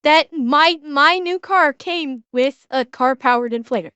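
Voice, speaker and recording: A Canadian woman streaming herself reacting to a video, chatty and quick to laugh, with lots of restarts and casual swearing. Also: high-pitched, pushed and bright, no echo, lo-fi sound. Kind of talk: casual live-stream chat.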